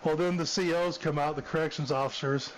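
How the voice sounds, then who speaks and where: A man's voice: a little high, steady tone, brisk, slight background noise, poor audio. A man, a former police officer, casually telling a story, drawling and repeating "I said" and "she's like".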